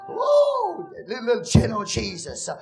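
Shouting woman preacher over music. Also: on the high side, huge pitch swings, unhurried, vocal fry. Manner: shouting, impassioned, voice breaking. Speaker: pastor. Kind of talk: fiery Pentecostal-style preaching. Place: church. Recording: music under the voice. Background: music playing.

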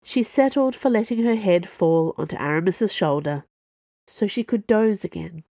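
A woman narrating a story in a calm, measured, scripted way. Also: mid-range voice, dry recording. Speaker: audiobook narrator.

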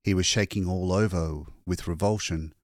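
A man reading a short story aloud as an audiobook narrator, measured and expressive. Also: sits low, no room sound, studio quality. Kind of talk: scripted narration.

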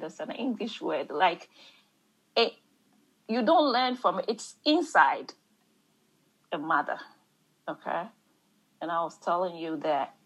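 A woman with an African accent guides a Bible study group in a husky, breathy voice. She speaks unhurriedly and haltingly, stopping often to repeat herself or hunt for a word. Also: on the low side, rough recording. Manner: halting, repeats words and searches for words. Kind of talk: leading a church discussion and reading scripture aloud.

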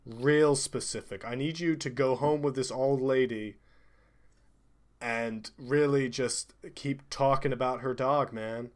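A laid-back man chatting as a player in a tabletop game. He calls his friends man and dude and talks at an everyday pitch. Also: steady tone, a little slow. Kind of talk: casual tabletop game chat.

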